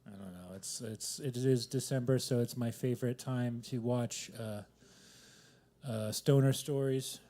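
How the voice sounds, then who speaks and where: A man's voice: medium pitch, fairly even intonation, a little slow, dark tone. Rambling self-deprecating male stand-up comic. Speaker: stand-up comedian. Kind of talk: live stand-up at an open mic. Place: coffee shop open mic.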